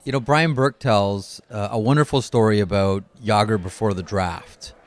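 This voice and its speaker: Man, co-host, casual chat, anecdote-telling, lower pitch. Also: moderate pace. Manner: tells anecdotes, asks guest questions. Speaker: podcast co-host.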